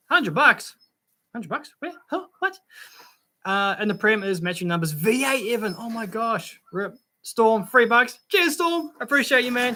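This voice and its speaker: A man's voice: fairly high pitch, bright, forceful tone. An Australian man hosting a casual livestream, reading out chat comments and telling rambling car stories in a laid-back way. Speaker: livestream host.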